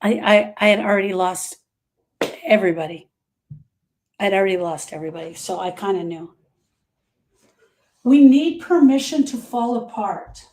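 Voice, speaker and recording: A woman's voice: mid-range voice, expressive, moderate pace, long pauses, darkish tone, slight background noise. A woman grief specialist talking live to her viewers, giving emphatic, repetitive, direct advice.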